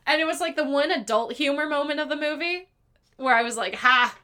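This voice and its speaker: A woman's voice: high-pitched, fast talker, a bit bright. A woman co-hosting a casual podcast chat about a movie, giggly and chatty, swearing now and then. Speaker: podcast co-host.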